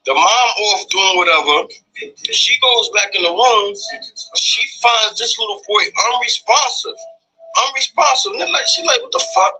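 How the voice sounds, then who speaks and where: ऊँची, बहुत तीखी और खरखराती आवाज़ वाला आदमी, जो अनौपचारिक बातचीत में जोश से गालियों भरी कहानी सुनाता है।. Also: male voice, high-pitched, normal speed, slightly rough, poor audio. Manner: animated, profane retelling with acted-out exclamations. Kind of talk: casual storytelling in a conversation.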